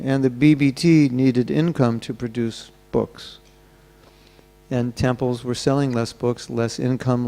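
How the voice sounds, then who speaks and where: A man's voice: medium pitch, darkish tone. A man giving a sermon at a temple gathering, telling stories and acting out the voices of the people in them. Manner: storytelling, acting out quoted voices. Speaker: temple speaker.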